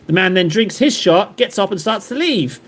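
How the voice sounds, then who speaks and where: A man with a high, animated, slightly bright voice hosts a livestream at a moderate pace. He rambles and jokes casually with his viewers while reading the live chat, full of fillers, restarts, and self-interruptions.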